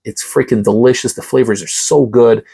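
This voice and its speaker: Husky congested male reviewer, enthusiastic hype style, casual ranking talk. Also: medium pitch, steady tone, moderate pace, warm tone. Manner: enthusiastic, hype-driven, repeats key words. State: congested, recovering from a cough. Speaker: supplement reviewer.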